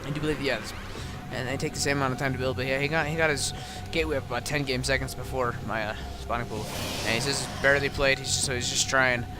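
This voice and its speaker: A man's voice: medium pitch, fairly even intonation, over music. A tired man who has been up all night, casually talking through his own game replay with lots of ums and restarts. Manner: halting, many ums and restarts.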